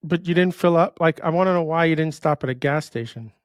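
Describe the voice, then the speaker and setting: A man's voice: a little high, brisk, no echo, clean studio sound. A middle-aged man hosting a casual conversation, emphatic and full of questions. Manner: emphatic, asks lots of questions. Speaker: host.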